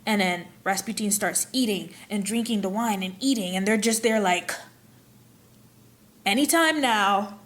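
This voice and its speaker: A woman's voice: mid-range voice, fairly even intonation, normal speed, few pauses. A young woman hosting a casual history vlog, retelling events with dramatic flair and playful asides. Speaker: history vlogger.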